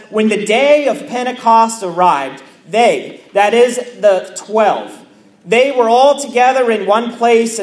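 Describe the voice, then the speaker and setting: Pastor, male, high-pitched, slow deliberate sermon delivery in a roomy church. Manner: measured preaching with repeated phrases and pauses.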